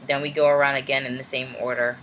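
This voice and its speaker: Woman, casual podcast chat, hesitant with lots of fillers, very low voice, faint background hiss. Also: little pitch movement, quick pace, fairly bright tone, poor audio. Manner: hesitant, full of "like" and "um". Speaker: podcast participant.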